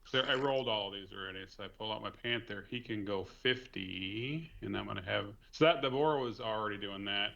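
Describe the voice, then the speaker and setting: A man with a low, gravelly voice and a bright edge plans his turn out loud. He comes through a dull, lo-fi mic. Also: brisk, hardly any pauses. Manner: thinks aloud while planning his turn. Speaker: player. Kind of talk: casual tabletop play.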